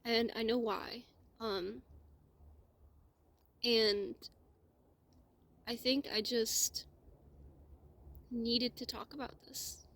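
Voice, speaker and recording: A woman speaking in a heartfelt personal monologue, close to tears, her voice sometimes dropping to a soft whisper. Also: fairly high pitch, fairly even intonation, extremely slow, long pauses. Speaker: spiritual vlogger.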